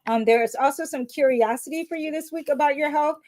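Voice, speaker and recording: A woman's voice: sits high, fairly quick, darkish tone. A woman giving a casual weekly astrology and tarot reading, chatty and emphatic, often checking in with her viewers.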